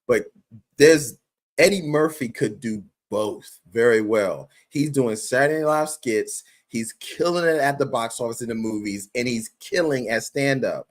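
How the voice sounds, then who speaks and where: Male co-host for a casual reaction show, animated and profane, mid pitch. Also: a little slow. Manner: animated, profane, laughs often.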